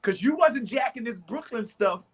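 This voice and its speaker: A man's voice: very high voice, expressive, moderate pace, breathy edge. A man, co-hosting a sports talk show and telling long stories with many restarts, acting out both sides of an argument. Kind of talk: animated storytelling in casual chat.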